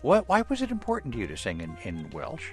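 A man's voice: mid-range voice, huge pitch swings, soft background music. A man hosting a radio interview, easygoing and curious in how he asks questions. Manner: easygoing and curious, quick to laugh. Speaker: radio host.

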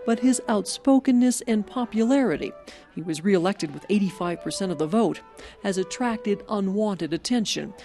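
A woman correspondent reading a scripted radio news report in a measured, even delivery. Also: medium pitch, soft background music.

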